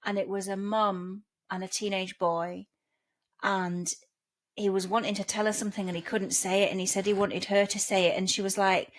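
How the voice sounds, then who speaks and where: A woman's voice: medium pitch, flat delivery, normal speed. A woman co-hosting a casual podcast, a chatty storyteller who acts out the people she describes. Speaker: podcast co-host. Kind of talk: casual chat.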